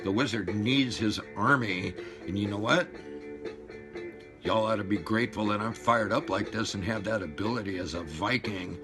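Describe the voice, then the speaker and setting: A man in his sixties ranting and swearing at his viewers, loud one moment and muttering low the next. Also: normal speed. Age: 60s. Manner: fired-up, profane, swings between shouting and low mutters. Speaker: vlogger. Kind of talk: profane rant to camera. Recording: music playing behind the voice.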